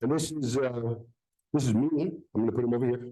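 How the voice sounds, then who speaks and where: A man's voice: mid-range voice, brisk, warm tone, low-quality recording. A man performing a live magic show for children at a public library, joking playfully with the crowd.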